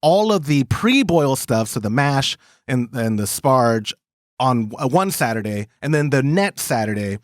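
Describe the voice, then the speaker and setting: A man's voice: medium pitch, unhurried, no room sound, clean studio sound. A man hosting a podcast, telling stories in casual chat and quoting others as he goes. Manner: animated storytelling with quoted voices. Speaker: podcast host.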